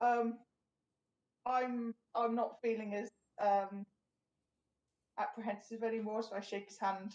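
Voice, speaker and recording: A woman's voice: fairly high pitch, little pitch movement, measured pace, long pauses, darkish tone. A woman with an Australian accent who plays at a tabletop game, speaking hesitantly and lightly. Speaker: player. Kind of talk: in-character chat at a game table. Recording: echoey, dull lo-fi room.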